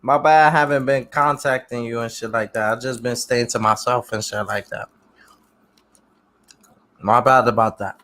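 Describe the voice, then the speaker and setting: A man talks loosely to his livestream viewers at a middle pitch. He answers comments one by one in easygoing street slang. He often says the same phrase twice. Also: steady tone, moderate pace, pauses often, fairly bright tone. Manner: laid-back street slang, repeats phrases. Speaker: livestream host reading comments. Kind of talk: casual livestream chat.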